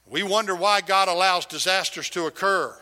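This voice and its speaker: Bright-voiced preacher man in a reverberant hall. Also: high voice, moderate pace. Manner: swings between loud emphasis and hushed near-whispers. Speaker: pastor. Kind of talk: sermon.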